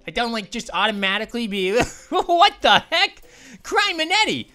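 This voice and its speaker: A high-pitched woman reacting to a game as she plays, her voice leaping up and down with excitement. She giggles and apologizes to characters as she goes. Faint game music plays behind her. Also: moderate pace. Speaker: gaming channel host. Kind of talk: let's play commentary.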